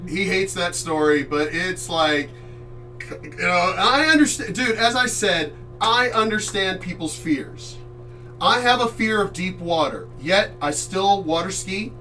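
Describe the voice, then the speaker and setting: Lively high-voiced man telling stories. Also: measured pace, far from the mic, soft background music. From Chesapeake Bay area, US. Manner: animated, loud, swears freely, acts out voices. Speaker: streamer host. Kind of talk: casual storytelling.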